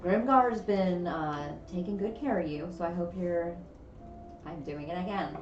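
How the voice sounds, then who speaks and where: A woman's voice: on the low side, a little slow, roomy sound, distant mic, highs cut off, slight background noise, close to an everyday voice. A woman voicing a friendly female tavern keeper with a put-on Southern accent, welcoming and chatty.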